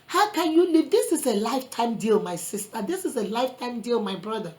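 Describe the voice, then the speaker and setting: A woman's voice: fairly high pitch, lively intonation, a little fast, darkish tone, low-quality recording. A woman vlogger giving earnest relationship advice in a preachy motivational talk, quoting scripture and calling listeners sister and brother. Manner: quotes scripture.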